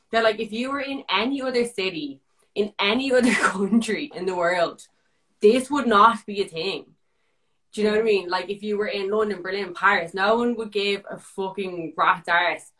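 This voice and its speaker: An animated young Irish woman chats as a podcast guest. She tells her story fast and loose, leans on "like" and swears freely. Her pitch sits in the middle range for a woman. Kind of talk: casual storytelling chat.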